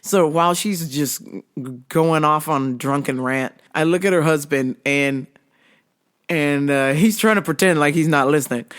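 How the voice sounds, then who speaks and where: Woman vlogger telling a funny story, laughs a lot, takes her time. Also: measured pace. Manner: laughs a lot, low and sheepish when quoting herself. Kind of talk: casual storytelling.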